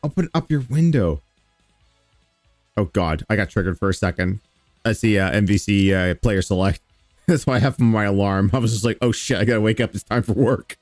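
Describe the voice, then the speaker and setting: A man reacting on stream with sarcasm, profanity and mocking impressions. His pitch swings widely as he rants. The sound is dry and close, with a bit of music underneath. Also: animated, moderate pace, a little mellow, no echo. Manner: sarcastic, swearing, laughing, mocking with mimicked quotes. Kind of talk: casual reaction commentary.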